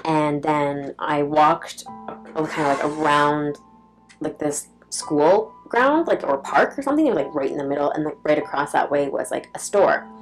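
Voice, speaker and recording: A young woman with a notably low, deep voice recounts a personal story to the camera. She rambles casually, leaning on "like" and swearing bluntly. Faint music sits softly behind her. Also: poor audio. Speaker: vlogger.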